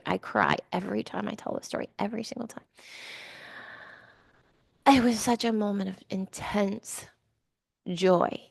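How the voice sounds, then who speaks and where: A woman's voice: medium pitch, a little slow, vocal fry, dry recording, clean studio sound. A middle-aged woman giving a weekly card reading, talking in a chatty, emotional way with many fillers and restarts. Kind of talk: casual spiritual talk.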